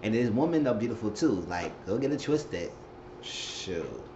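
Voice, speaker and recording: A man talks through a TV episode in a loose, slangy, exclamatory way, retelling the scenes as he goes. His voice sits at an ordinary middle pitch. The recording is roomy and a little dull, with faint hiss underneath. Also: animated, a little fast, warm tone. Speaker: TV show recapper. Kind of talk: casual episode recap.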